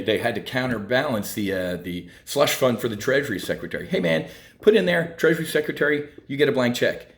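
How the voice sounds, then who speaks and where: A man hosting a market update, blunt and combative, with sarcastic jabs. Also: fairly low pitch. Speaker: market commentary host.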